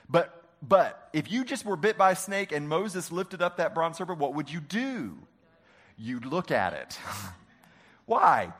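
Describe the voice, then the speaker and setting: Male preacher, sermon delivery, somewhat high and very expressive pitch, quizzes the room. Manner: animated, asks the congregation questions. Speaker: pastor.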